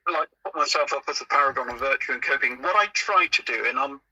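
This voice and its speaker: A man's voice: mid-range voice, fast, sharp tone, slightly rough, rough recording. A man guesting on a podcast interview, telling stories in a rambling, anecdotal way with frequent restarts.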